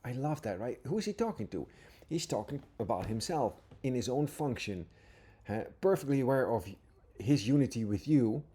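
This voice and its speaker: A man giving an earnest, informal spiritual talk, reading passages aloud and pausing to reflect, often checking in with "right?". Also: medium pitch, expressive, warm tone, breathy edge. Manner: earnest, repeatedly asks "right?". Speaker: spiritual teacher.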